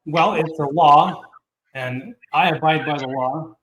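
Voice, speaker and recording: A man hosting an interview, asking questions in a measured, hesitant way with fillers. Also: fairly high pitch, fairly bright tone, roomy sound, highs cut off, a little hiss or hum. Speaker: interview host.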